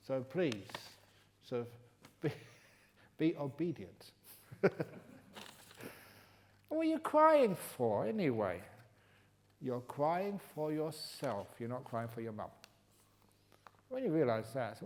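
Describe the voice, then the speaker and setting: An older man from England speaks as a meditation teacher answering questions at a retreat. His voice sits at an ordinary middle pitch. He moves between playful teasing and a soft, thoughtful calm. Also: slow, long pauses. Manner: humorous, teasing, then gentle and reflective. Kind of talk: retreat Q&A talk. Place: retreat hall.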